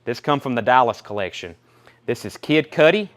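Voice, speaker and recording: A man's voice: mid-range voice, animated, normal speed, a bit bright. A young man hosting a live record sale stream, chatting casually while he rattles off album titles and prices.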